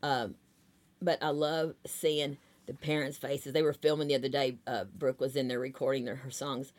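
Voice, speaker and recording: A woman's voice: extremely low pitch, fairly even intonation, normal speed, darkish tone. A woman, telling rambling anecdotes in a casual interview, full of fillers. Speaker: talent agent, guest.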